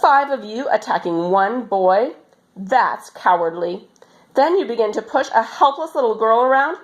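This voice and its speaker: A woman voicing a bold, cheerful, strong little girl in a storybook reading, with a bright, playful, exclaiming manner. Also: a little high, expressive, a little slow, voice pushed up, rough recording.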